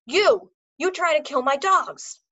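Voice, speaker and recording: A woman voicing a loud, hot-tempered German dog trainer who speaks broken English, read aloud from a storybook. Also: extremely high pitch, normal speed, no room sound, muffled recording, exaggerated voice. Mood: furious. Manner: broken English, furious ranting.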